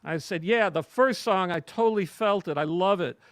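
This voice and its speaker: A man with an unusually high speaking voice talks as a musician guest. He tells loose, rambling stories full of fillers. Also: normal speed, dry recording, clean studio sound. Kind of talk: casual interview chat.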